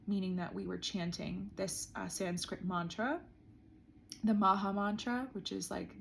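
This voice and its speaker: With a gravelly, medium-pitched voice, a woman records a reflective vlog while seated on the floor indoors. She thinks aloud like she's keeping a diary, speaking earnestly and using "like" often. There's slight background noise.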